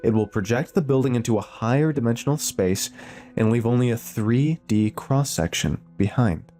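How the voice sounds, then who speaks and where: A man voicing a calm, precise female scientist in a spoken horror story. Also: on the low side, moderate pace, soft background music, close to an everyday voice.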